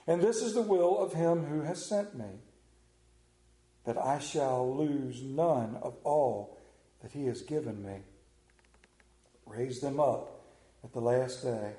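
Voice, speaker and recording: A man's voice: mid-range voice, slow, long pauses, mellow, reverberant, rough recording. A man, preaching a sermon and telling a story in a folksy, drawling manner. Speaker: pastor. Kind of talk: sermon with scripture reading and prayer.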